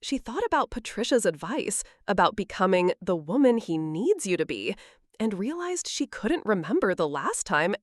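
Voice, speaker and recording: A woman narrates a scripted story with expressive, measured delivery. Her pitch moves lively up and down. The recording is dry and close, with no room sound. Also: dry recording.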